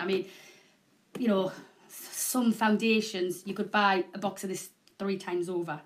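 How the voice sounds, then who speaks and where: A woman's voice: medium pitch, slight background noise. A middle-aged woman hosting a live shopping channel, rambling and chatting casually with viewers. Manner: chatty, rambling, self-deprecating. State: having a hot flush. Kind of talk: live selling chat.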